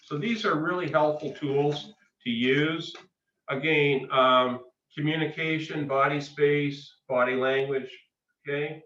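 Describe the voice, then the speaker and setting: Male trainer, deliberate and emphatic, recorded far off in a roomy space with dull audio. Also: a little high, steady tone, fairly bright tone. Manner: slow, emphatic teaching with pauses. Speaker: workshop presenter. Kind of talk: webinar lecture. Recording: echoey, distant, dull lo-fi audio.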